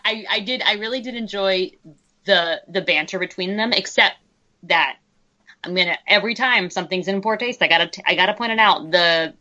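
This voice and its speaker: A woman co-hosting a podcast in casual chat, animated and joking, with quick asides. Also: mid-range voice. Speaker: podcast co-host. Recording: muffled lo-fi audio.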